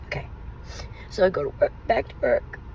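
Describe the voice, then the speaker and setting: A woman's voice: normal speed, a little mellow, a little hiss or hum, rough recording. A woman and mother telling her own painful story on a vlog, in an emotional, rambling, confessional way. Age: adult, mother of young children.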